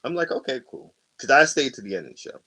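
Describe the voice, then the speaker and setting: A man's voice: medium pitch, very animated, fast, sharp tone, slightly rough. A man co-hosting a podcast, telling a story in casual chat with lots of profanity and laughter. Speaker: podcast co-host.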